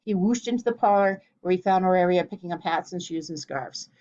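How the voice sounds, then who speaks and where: Woman, storybook reader, steady narration, lower voice, muffled recording. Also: brisk. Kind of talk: storybook reading. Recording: dull lo-fi recording.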